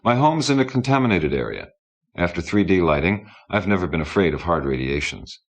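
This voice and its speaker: A haughty, scornful fading starlet, read by a man in a very deep voice, worldly and bossy, plainly bored with the people around her. She gives orders in the low, even tone of a storybook reading. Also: a little fast, heavily acted. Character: sour, scornful fading female entertainment star.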